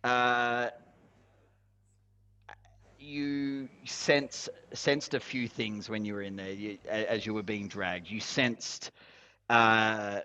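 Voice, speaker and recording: A man narrates a tabletop role-playing session as its game master. His tone is bright and clear, and he rambles, pausing and restarting as he hunts for words. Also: fairly low pitch, fairly even intonation, highs cut off. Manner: rambling, halting, with fillers and laughs.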